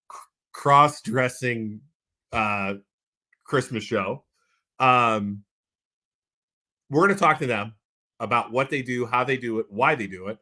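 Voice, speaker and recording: A married man co-hosting a podcast, ranting heatedly and bluntly, repeating himself when worked up. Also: mid-range voice. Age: adult with a wife. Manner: calms down when making announcements. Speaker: podcast co-host. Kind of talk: passionate podcast rant.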